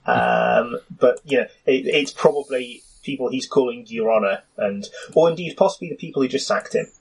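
A man narrating a tabletop game as game master, halting and full of "you know", with restarts. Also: medium pitch, sing-song, gravelly, husky, low-quality recording.

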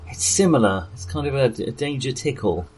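A lively-voiced man running a tabletop game. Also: medium pitch, fairly quick, faint music behind. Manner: chatty, laughs easily, lively storytelling. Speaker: game master. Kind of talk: narrating a tabletop game session.

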